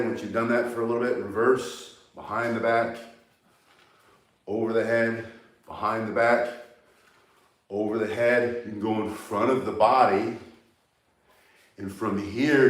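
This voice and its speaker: A man's voice: fairly low pitch, echoey room. A man teaching a staff-spinning lesson, coaching step by step and getting out of breath as he works out with the staff. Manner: coaching, talks while moving. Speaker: martial arts instructor. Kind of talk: demonstration tutorial.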